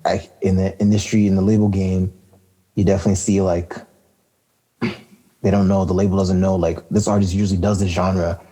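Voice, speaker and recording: A man's voice: deep voice, flat delivery, normal speed, long pauses, warm tone, breathy edge. A man co-hosting a casual hip-hop podcast, talking in a laid-back, rambling way with lots of fillers and laughter. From Canada. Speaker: podcast co-host.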